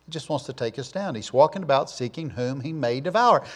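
A man preaching a sermon, emphatic, snapping between loud punchy words and quiet asides, using call-and-answer lists. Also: fairly high pitch, lively intonation, a little fast, few pauses. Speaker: pastor.

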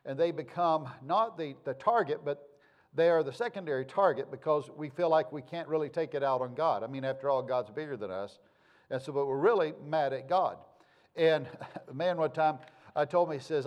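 A man's voice: a little high, a little fast, darkish tone. A male pastor, preaching in a folksy, conversational way with homespun sayings. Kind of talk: sermon.

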